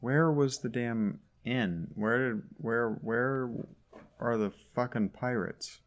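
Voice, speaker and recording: This gaming YouTuber talks slowly in a medium-pitched voice, and the highs in the recording are cut off. He offers sarcastic, grumbling remarks as he plays, in a casual let's-play style.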